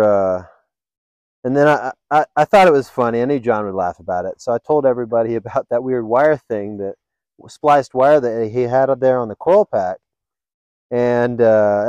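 A man hosting a podcast, telling funny stories in a casual, animated way and laughing often. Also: medium pitch, clear, resonant tone, dry recording, lo-fi sound. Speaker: podcast host. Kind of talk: casual storytelling chat.

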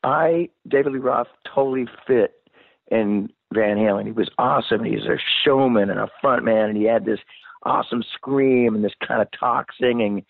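A man's voice: medium pitch, normal speed, creaky, no room sound. A rock singer in his sixties telling a story in a casual interview, rambling and cursing and acting out the voices of people he quotes. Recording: dry, phone-like narrow sound.

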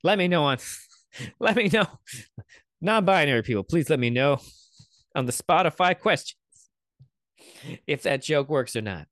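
A man riffing through a casual reaction commentary, cursing freely and drifting off into sarcastic tangents. His voice sits on the high side, and the sound is dry and close with no room around it. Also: lively intonation, moderate pace, long pauses, fairly bright tone, no room sound. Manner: profane, rambling, sarcastic asides. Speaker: commentary host.

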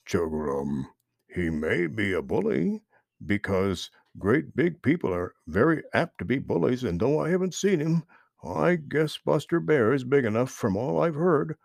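A man doing an old wise frog, patient and mild, rough gravelly tone, lively pitch. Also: no room sound, studio quality, heavily acted. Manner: mild, slow, sly.

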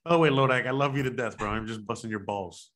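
A man's voice: medium pitch, fast, fairly bright tone. A man riffing through a gaming stream, tossing out crude jokes and swearing freely. His voice sits right in the middle of the male range. He talks in casual, loose banter with a friend.

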